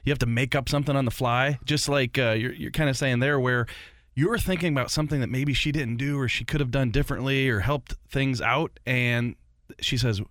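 A man's voice: medium pitch, fairly quick, fairly bright tone, no room sound, clean studio sound. A man joining a casual sports podcast chat with wry jokes. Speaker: podcast guest.

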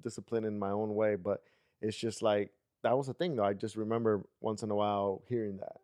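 A man's voice: lowish voice, level tone, brisk, a little mellow, dry recording, studio quality. A young man chatting casually on a podcast, rambling through memories with lots of fillers. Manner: rambling, filler-heavy storytelling. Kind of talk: casual chat.

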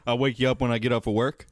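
A man co-hosting a podcast, making wry deadpan asides and swearing casually. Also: mid-range voice, no echo, studio quality. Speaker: podcast co-host.

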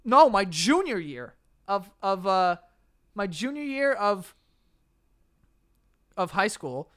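A young man with a high, smooth voice rambles through a story for a casual podcast. He trips over his words, restarts often and swears freely. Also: sing-song, slow, fairly bright tone. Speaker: podcast co-host.

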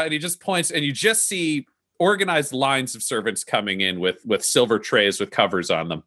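A man narrating a tabletop role-playing game as game master, animated and descriptive, with frequent fillers. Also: medium pitch, normal speed, no echo, clean studio sound.

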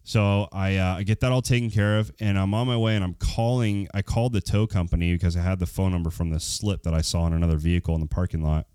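Male vlogger, smooth voice, dry close sound, rambling storyteller fighting off a cold. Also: low-pitched, fairly even intonation, fast, hardly any pauses, warm tone, no room sound. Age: adult. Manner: rambling, many fillers, acts out quoted dialogue. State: getting over a cold. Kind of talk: casual storytelling to viewers.

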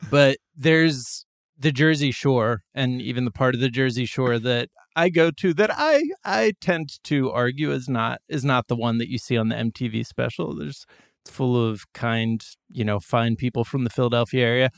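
A man's voice: medium pitch, moderate pace, creaky, no echo, clean studio sound. A man hosting a comedy podcast, chatting casually and rambling through tangents, laughing often. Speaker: podcast host.

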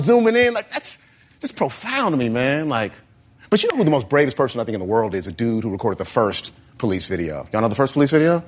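Animated stand-up comic working a crowd. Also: male voice, medium pitch, breathy edge. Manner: animated, talks straight to the crowd. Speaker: stand-up comedian. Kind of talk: stand-up set. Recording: live show with crowd noise.

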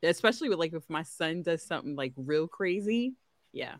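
A woman's voice: low-pitched, a little fast, no room sound. A woman with a New York accent, co-hosting a casual podcast and talking bluntly with plenty of swearing. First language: Haitian Creole spoken fluently alongside English. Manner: blunt, animated, cursing freely. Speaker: podcast co-host. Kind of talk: casual banter.

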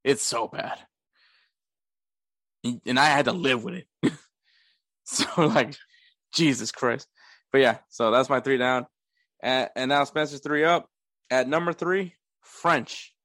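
A man's voice: medium pitch, takes it slowly, long pauses, dry recording, studio quality. A young man co-hosting a casual podcast chat, joking around and laughing often. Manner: laughs often, jokey and animated. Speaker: podcast co-host.

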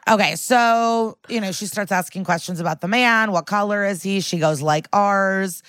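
A woman's voice: medium pitch, normal speed, a bit bright, smooth, no echo. A woman co-hosting a podcast, recapping a TV episode in casual chat, full of "like" and "um" and acting out quotes. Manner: chatty, lots of "like" and "um", acts out quotes. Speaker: podcast co-host.

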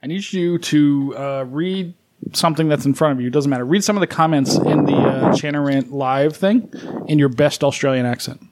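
A man's voice: a little high, moderate pace, heavy background noise. A man hosting a casual podcast, prodding his guests with questions, laughing often and swearing. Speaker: podcast host.

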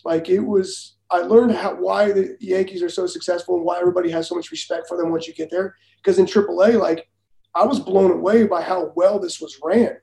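Fast, gravelly former pitcher telling stories. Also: male voice. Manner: animated, acts out quoted dialogue, laughs through stories. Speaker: former baseball pitcher, guest. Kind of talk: casual storytelling. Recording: roomy echo.

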